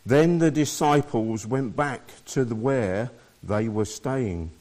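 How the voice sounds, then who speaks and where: A man's voice: mid-range voice, slow, a little mellow. A man preaching a sermon, reading scripture aloud and explaining it to his listeners.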